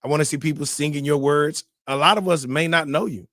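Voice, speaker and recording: A man hosting a morning live-stream show, giving casual, preachy advice in slangy talk that turns loud and animated, often repeating words. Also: on the high side, fairly quick, dry recording, studio quality. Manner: slangy and conversational, repeats words when fired up.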